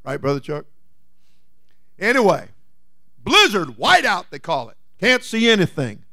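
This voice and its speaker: A man's voice: high voice, wildly swooping pitch, measured pace, vocal fry, no echo, studio quality. Folksy dramatic preacher man. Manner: folksy, dramatic, swings from loud to hushed. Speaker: pastor. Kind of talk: sermon with storytelling.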